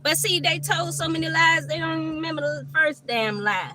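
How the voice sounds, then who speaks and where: Bright, brash woman tarot reader. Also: high-pitched, a little fast, hardly any pauses, faint music behind. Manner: blunt, profane, animated. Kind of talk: live tarot reading. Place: outdoors at a park. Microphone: phone.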